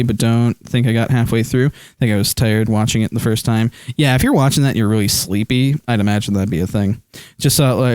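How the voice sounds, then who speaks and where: A man's voice: medium pitch, darkish tone, no echo, studio quality. A man streaming live, chatting casually and rambling with lots of ums and likes, speaking into a hand microphone.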